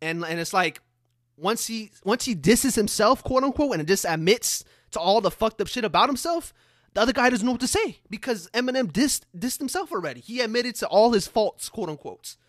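A man's voice: high voice, expressive, a little fast, no room sound, studio quality. A man giving a casual motivational monologue as a social media creator, blunt and profane, repeating himself for emphasis and talking straight to his viewers. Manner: addresses viewers directly.

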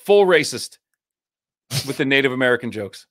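A man with a middle-pitched voice co-hosts a casual movie review podcast. He speaks bluntly, with a sarcastic edge and frequent swearing. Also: lively intonation, moderate pace, a bit bright. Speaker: podcast co-host.

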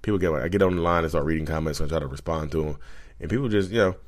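A man with a very low, deep voice talks casually to his viewers, calling them y'all. He rambles, repeats himself and swears bluntly as he goes. He speaks into a handheld microphone. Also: very fast. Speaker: YouTuber talking about narcissism. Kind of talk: casual vlog monologue. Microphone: handheld USB microphone.

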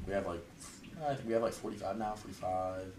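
A man's voice: low-pitched, fast, reverberant, recorded from a distance, slight background noise, low-quality recording. A young man chatting casually as an interview guest, rambling and filling his talk with "like". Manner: relaxed, rambling, heavy use of "like". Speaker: interview guest, fraternity member.

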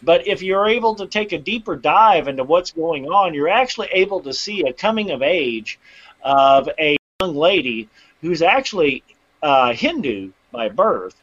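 A man's voice: fairly high pitch, sing-song, moderate pace, a bit bright. A man hosting a segment on a casual podcast, joking around and then explaining at length. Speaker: segment host. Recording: dull lo-fi sound.

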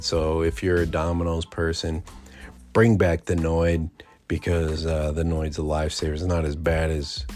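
In a casual storytelling segment, a man in his forties hosting a podcast rambles through a profane tale, laughing along the way. His voice sits low and is a little mellow.

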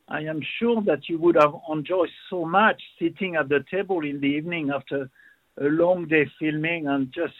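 A man's voice: fairly high pitch, no echo. A man, a chef guest describing food with relish in casual radio chat. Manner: warm enthusiastic food talk, restarts. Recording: tinny phone line.

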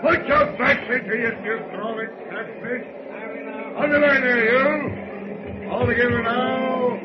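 A man playing a gruff, peg-legged first mate of a sailing ship with salty sea-dog speech, in 1940s radio acting on an old, dull recording. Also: mid-range voice, animated, a little slow, heavy background noise, close to an everyday voice. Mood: bellowing. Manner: salty sea-dog talk, bellows orders.

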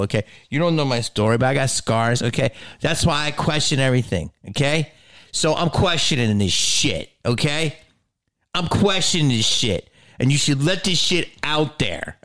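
A man's voice: medium pitch, dry recording, studio quality. A man doing a profane, emphatic stand-up rant about his schooling and distrust. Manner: profane, emphatic, rising to shouted rants.

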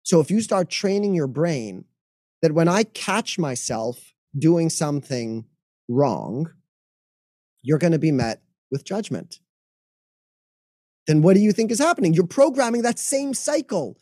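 A man with a mellow, warm tone and a swooping, animated delivery, talking as a mental health coach on a podcast. His pitch sits a bit high for a man. He slips into quick acted-out inner voices as he explains, and the recording is dry and close. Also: no room sound. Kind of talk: podcast interview talk.

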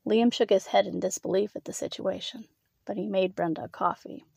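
Woman narrator, scripted story, measured reading, dry close sound. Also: mid-range voice, steady tone, vocal fry, darkish tone, breathy edge, no room sound.

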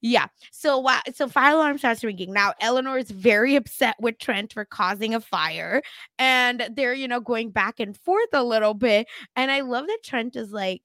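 A woman's voice: a little high, animated, normal speed, bright, forceful tone, no echo. Chatty young woman recapping a show. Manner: chatty, dramatic asides. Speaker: podcast co-host. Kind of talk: casual TV recap chat.

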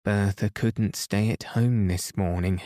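A man reading the part of a remorseful elderly father who talks softly and slowly, pleading as he speaks. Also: lowish voice, steady tone, no echo, clean studio sound, close to an everyday voice.

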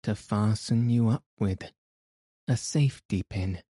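A man's voice: on the low side, slow, mellow, no room sound, clean studio sound. A man voicing an irate, suspicious middle-aged male theatre manager who talks in an indignant, insistent way.

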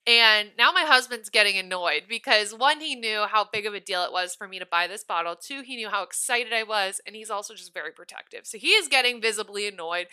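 A woman hosting a podcast, telling a story in a casual, animated and giggly way. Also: a little high, clean tone. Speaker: podcast host.

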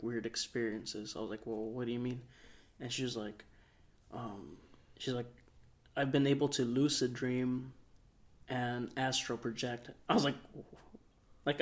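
A young man, a podcast co-host, telling a long story in a relaxed, rambling way, full of fillers. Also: mid-range voice, normal speed. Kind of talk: casual storytelling.

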